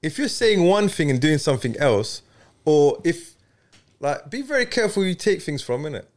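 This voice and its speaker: A man talks casually on a podcast, his fairly high voice swinging up and down as he presses his points. He talks in a preachy, animated way and keeps dropping in slang. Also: moderate pace. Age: 30s. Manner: animated, preachy, peppers speech with "bruv". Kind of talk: casual chat.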